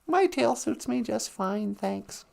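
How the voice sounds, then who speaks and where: A woman storyteller voicing a calm, easygoing male bear who politely shrugs off a braggart. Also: a little high, takes it slowly, creaky, voice pushed down, exaggerated voice. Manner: laid-back, polite.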